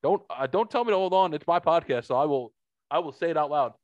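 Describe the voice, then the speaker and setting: A man hosting a casual podcast, an animated storyteller who laughs often and swears freely. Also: on the high side, quick pace, no room sound, muffled recording. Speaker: podcast host.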